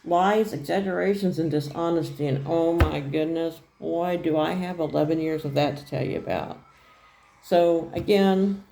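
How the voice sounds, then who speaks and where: Woman, middle-aged, gravelly, low voice, rambling, plain-spoken, personal vlog. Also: dark tone. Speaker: vlogger. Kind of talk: candid personal storytelling vlog.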